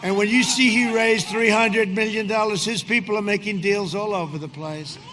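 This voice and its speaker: Boastful man shouting at an outdoor rally. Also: high-pitched, fairly even intonation, normal speed. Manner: boastful, rambling, often shouting. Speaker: politician speaking at a rally. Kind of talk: rally speech. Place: outdoor rally in cold wind. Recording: outdoor rally with loud crowd and wind noise. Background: large cheering crowd and wind.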